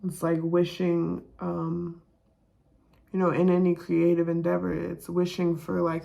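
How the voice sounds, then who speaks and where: Slow low gravelly-voiced woman. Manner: soft, halting, many fillers. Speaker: oracle card reader. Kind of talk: reflective spiritual monologue.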